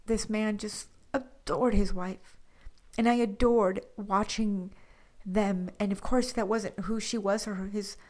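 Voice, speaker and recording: A woman co-hosting a podcast in casual chat, speaking emotionally, often dropping to a breathy whisper and halting on restarts. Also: medium pitch, steady tone, darkish tone. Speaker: podcast co-host.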